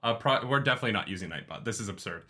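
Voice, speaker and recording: A man co-hosting a casual livestream book club, talking in an animated, joking way and laughing often. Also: on the low side, very fast. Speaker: co-host of a book club stream.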